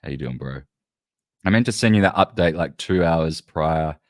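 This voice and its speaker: A man's voice: extremely low pitch, lively intonation, normal speed, no echo, clean studio sound. A man hosting a casual livestream, rambling loosely and swearing as he chats with his viewers. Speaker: livestream host.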